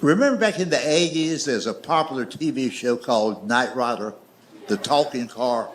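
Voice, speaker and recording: On stage at a live show, a Southern US comedian spins a slow, folksy story dotted with dry asides, speaking at medium pitch and normal speed in his Southern accent. Audience noise and laughter fill the background.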